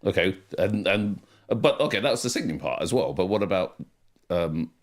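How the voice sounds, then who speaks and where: Reading out the chat while co-hosting a music livestream at home, this man rambles casually and chattily, using lots of fillers. He has a deep, sing-song voice and speaks at normal speed.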